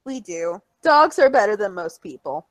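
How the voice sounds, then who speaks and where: A woman's voice: medium pitch, very animated, moderate pace, dry recording, poor audio. A woman co-hosting a casual chat, bubbly and outspoken, who swears now and then and squeals when she quotes people. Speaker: podcast co-host.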